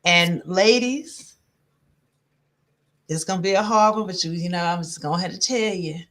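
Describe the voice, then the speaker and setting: Animated woman relationship coach. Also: lowish voice, moderate pace. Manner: animated, laughs often, many "um" fillers. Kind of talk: casual podcast chat.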